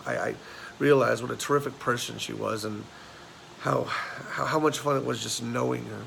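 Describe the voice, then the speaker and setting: A man performs a neurotic forty-year-old man who rambles through his thoughts and trips over his own words. He stammers and circles back again and again. A faint hiss sits under a deep, gravelly vocal fry. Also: steady tone, normal speed, a bit bright, low-quality recording. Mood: rueful. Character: neurotic, self-mocking man turned forty. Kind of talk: film monologue performance.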